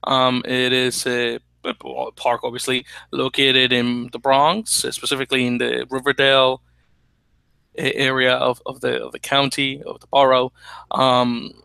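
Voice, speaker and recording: Guy rambling on a sports podcast, lots of ums, bright crisp voice, dry sound. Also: mid-range voice, completely flat delivery, unhurried, dry recording. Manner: rambling, hesitant, many fillers and restarts. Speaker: podcast co-host. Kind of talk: casual sports podcast chat.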